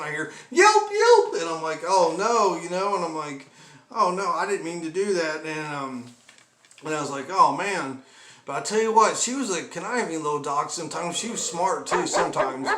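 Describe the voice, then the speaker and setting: A man telling comic stories about his pets in a rambling, chuckling way, with exaggerated asides. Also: on the high side. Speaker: comedy vlogger. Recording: echoey room with background noise.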